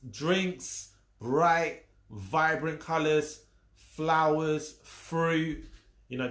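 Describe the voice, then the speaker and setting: On this live stream, the coach's voice sits fairly high and sounds a bit bright. He teaches in a casual way, hammering his points through repetition and teasing the audience, and the room adds a noticeable echo.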